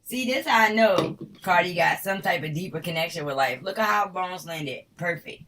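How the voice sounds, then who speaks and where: A woman's voice: on the low side, animated, moderate pace, fairly bright tone, far from the mic, a little hiss or hum, low-quality recording. A woman from Harlem with a New York accent, giving a casual tarot reading in a blunt, slangy, profane way. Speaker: tarot reader.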